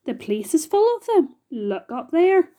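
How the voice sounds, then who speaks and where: A woman voicing an earnest young boy in a storybook reading, quiet at times and firm at others. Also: very high-pitched, sing-song, a little slow, pitched above the performer's own voice, exaggerated voice.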